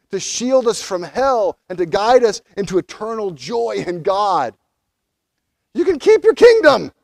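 Man, pastor, animated sermon delivery, high-pitched, dry close recording. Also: dry recording. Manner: animated preaching, voicing biblical figures in quotes.

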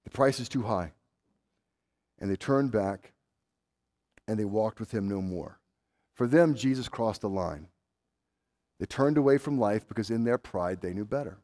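A man preaching a sermon, swinging from loud urgent pleading to low, quiet intensity. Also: normal speed, pauses often. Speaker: pastor.

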